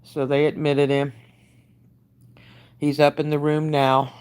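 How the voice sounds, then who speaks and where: An older woman giving a halting, emotionally worn-out live update, greeting her viewers by name and using many fillers. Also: deep voice, little pitch movement, a little mellow, smooth. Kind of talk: live-stream chat update.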